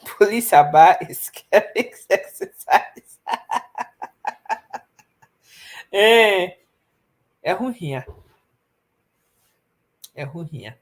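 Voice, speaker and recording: A woman's voice: deep voice, a little mellow. A young Ghanaian woman hosting a live stream, giving earnest advice to her viewers and mixing Twi with English. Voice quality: pleading, earnest, switches between Twi and English. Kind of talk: casual advice talk to viewers.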